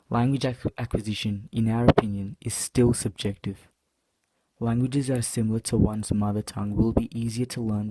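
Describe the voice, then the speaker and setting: A man's voice: on the low side, mellow, no room sound, poor audio. A young man reading a prepared school presentation evenly. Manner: reads a prepared script evenly. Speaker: student presenter. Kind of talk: school project narration.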